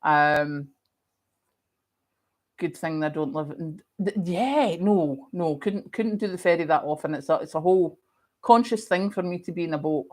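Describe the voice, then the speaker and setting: A middle-aged woman with a Scottish accent chats through a livestream, answering viewers in a lively, storytelling manner. Her voice sits a little low for a woman. She has a lingering cough. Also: moderate pace. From Scotland. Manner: chatty, animated storytelling. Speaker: livestream host. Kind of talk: casual chat reading viewer comments.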